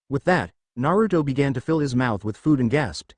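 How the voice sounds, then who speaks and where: A man narrating a fan fiction story in a steady storytelling manner. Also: medium pitch, moderate pace, hardly any pauses, no room sound, studio quality.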